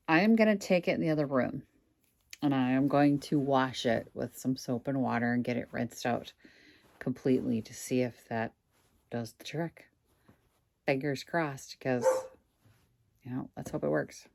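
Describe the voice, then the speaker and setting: A woman's voice: very deep voice, vocal fry, darkish tone. A woman reselling goods online, casually thinking aloud at home with wry asides to her viewers. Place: indoors at home.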